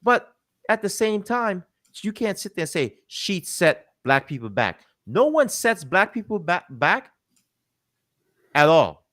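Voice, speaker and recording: A man's voice: high voice, animated, a little slow, fairly bright tone. A man delivering a heated, profane commentary rant, emphatic and mocking as he quotes people he disagrees with.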